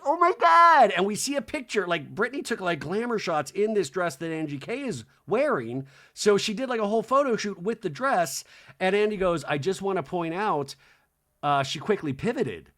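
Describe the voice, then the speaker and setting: Brief: lively, slightly high male podcaster doing a jokey TV recap full of impressions. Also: moderate pace. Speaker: podcast host. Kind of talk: comedic TV recap monologue.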